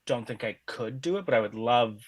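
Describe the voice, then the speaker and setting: A man's voice: mid-range voice, lively intonation, brisk, no room sound. A man from Canada, a drag queen guest chatting casually on a video call podcast, hesitant with many restarts.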